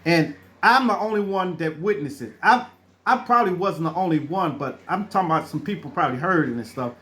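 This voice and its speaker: A man's voice: on the high side, lively intonation, a little fast, a bit bright. A middle-aged man telling true stories in a casual, rambling way, restarting his sentences and acting out the people in them. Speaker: storyteller. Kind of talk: casual spoken storytelling.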